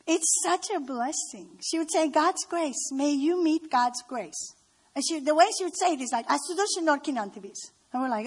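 A woman with a high-pitched voice tells stories of her family in a personal testimony talk. She speaks heartfelt and unhurried, leaning on key words. She is middle-aged. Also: fairly bright tone. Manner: heartfelt, storytelling with slow emphasis. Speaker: speaker at a women's gathering.

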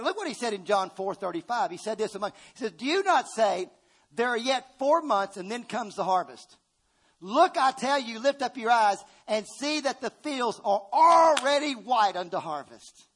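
Emphatic high-voiced male preacher. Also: husky. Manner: emphatic, swings between loud bursts and hushed asides; calls on the congregation to respond. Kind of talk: sermon.

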